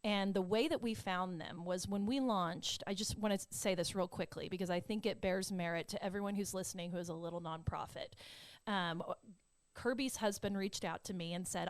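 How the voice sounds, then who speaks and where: A woman hosting a podcast, introducing her guests in an effusive, excited casual chat. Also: mid-range voice, unhurried, smooth, no room sound. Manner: bubbly, effusive, gushing with excitement. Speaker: podcast host.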